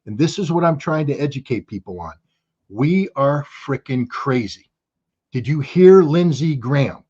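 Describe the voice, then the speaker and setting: A man's voice: mid-range voice, expressive, normal speed, dark tone, slightly rough. Emphatic American man, lo-fi sound. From United States. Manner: emphatic, repeats points for force, lecturing. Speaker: guest commentator. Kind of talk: livestream interview.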